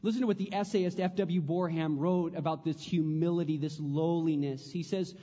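A man preaching a sermon as pastor, earnest, repeating phrases and dropping to a hush on prayers. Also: a little high, steady tone, normal speed, big-room sound, muffled recording.

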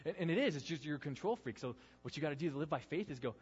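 A man preaching a sermon, earnest, swinging between loud emphasis and hushed intensity. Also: a little high, expressive, racing, hardly any pauses, husky. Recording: dull sound with long reverb in a hall.

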